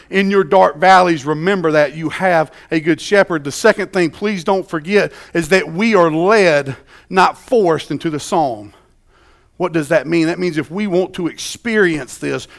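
Pastor, male, gravelly voice, dynamic sermon delivery from loud to hushed. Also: on the high side. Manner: dynamic preaching, swinging from loud emphasis to hushed quiet.

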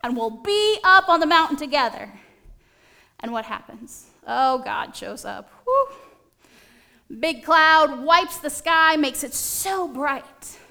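A woman preaching a sermon in a conversational, animated storytelling manner. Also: sits high, takes it slowly, gravelly.

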